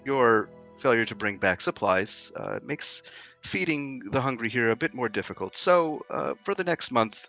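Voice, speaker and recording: A man playing a stern, courtly lord with a bright voice. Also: medium pitch, animated, faint music behind, pitched above the performer's own voice. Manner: formal, measured, courtly speech. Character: stern male lord who hands out harsh decrees. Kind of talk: tabletop role-play voice acting.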